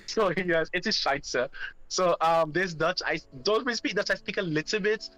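Bright-voiced Jamaican man chatting casually. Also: high-pitched, moderate pace, no echo, low-quality recording. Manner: hesitant, many ums while searching for words. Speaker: podcast guest. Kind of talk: casual chat, switching through several languages.

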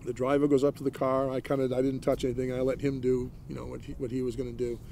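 A middle-aged man from Maine speaks in a gravelly, dark and mellow voice. He tells his story plainly in an interview, walking through each exchange step by step and leaning on "he goes" and "I said.". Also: medium pitch, little pitch movement, quick pace, a little hiss or hum. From Maine, United States. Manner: plain-spoken, retells exchanges with lots of "he goes" and "I said". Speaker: interviewee recounting a police encounter.

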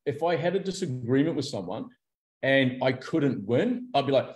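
As a guest in a candid interview, a man speaks openly in a medium-pitched voice at normal speed. He's an animated storyteller who acts out the people he quotes.

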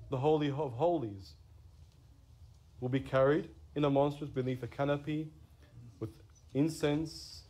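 Priest guy preaching, earnest, leans on key words, voice on the high side. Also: darkish tone. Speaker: Catholic priest. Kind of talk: sermon.

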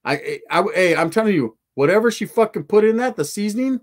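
Man spinning a raw, cussing street tale for viewers, pitched a touch high. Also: fast. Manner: profane, slangy, animated street storytelling. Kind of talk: casual storytelling to a live chat.

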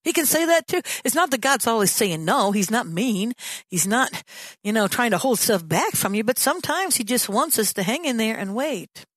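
Speaking at normal speed in a fairly high, sing-song voice, a woman pastor delivers a conversational sermon in church, slipping into different voices to act out prayers and dialogue. No room sound comes through.

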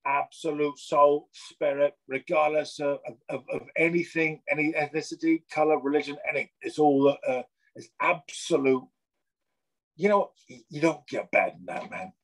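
A middle-aged man from England talks with loose, animated energy, swearing freely as he acts out gym banter. His voice sits fairly high and has a husky edge. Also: moderate pace, low-quality recording. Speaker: guest artist. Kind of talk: casual chat.

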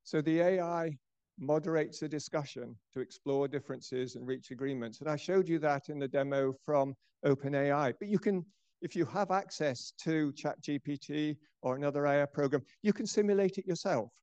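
An older male professor lectures in a measured, explanatory way, his voice a little higher than most men's but mellow and relaxed. The sound is dry and close, with a dull, lo-fi edge to the recording. He tends to let his phrases trail off more quietly. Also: smooth, no room sound. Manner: measured, explanatory, drops softer at phrase ends. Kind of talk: lecture presentation.

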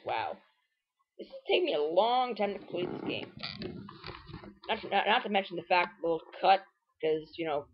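A woman's voice: sits low, husky, highs cut off. A woman giving rambling, casual commentary while playing a video game and talking back at it. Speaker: let's play host.

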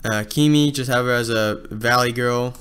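A man's voice: mid-range voice, moderate pace, fairly bright tone, clear, resonant tone. A man giving a casual, rambling casting call for an abridged series, with many fillers and restarts.

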